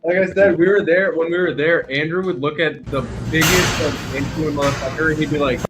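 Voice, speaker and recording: A man's voice: a little high, fairly even intonation, brisk, background noise. A man co-hosting a casual live stream, sheepish and laid-back, joking along.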